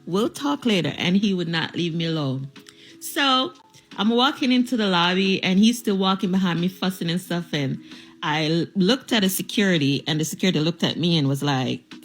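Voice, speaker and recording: A woman casually telling a personal story to camera, playful and animated, acting out what people said. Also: on the low side, moderate pace, faint music behind. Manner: animated, playful, acts out quoted voices.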